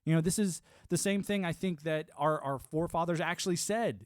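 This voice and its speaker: Here the pitch is fairly high and the delivery fairly quick, captured in clean studio sound with no echo. It's a man ranting casually on a live stream, swearing, picking fights, and laughing a lot, with the speech of a former soldier and network engineer.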